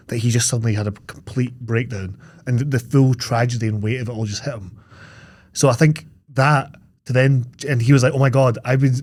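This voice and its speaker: A man's voice: medium pitch, darkish tone. A man co-hosting a casual film podcast, telling stories with energy and acting out quoted lines in a studio. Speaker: podcast co-host. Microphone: studio podcast mic.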